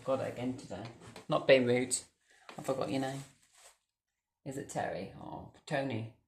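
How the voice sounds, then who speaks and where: A woman's voice: rumbling low, normal speed, creaky, a little hiss or hum. Swearing woman ranting at home. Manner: swears constantly, swings between mutters and shouting. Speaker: vlogger. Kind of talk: casual vlog rant. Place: home, indoors.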